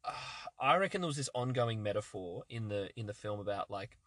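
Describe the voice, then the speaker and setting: A man's voice: on the low side, expressive, fairly quick, a bit bright, dry recording. A young man co-hosting a casual film chat, rambling with plenty of fillers and restarts, from a car parked outside a bar. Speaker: podcast co-host.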